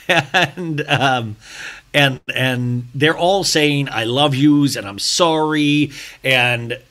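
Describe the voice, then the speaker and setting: A man hosting a solo TV recap podcast, joking and irreverent, talking fast and swearing casually. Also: mid-range voice. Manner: fast, animated, breaks into mocking impressions. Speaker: podcast host.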